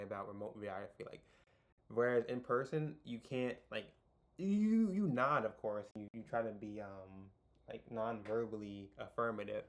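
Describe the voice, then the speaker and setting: Now medium in pitch, the young tutorial host keeps rambling casually through his video. He restarts often, leans on fillers, and pokes fun at himself with jokey asides.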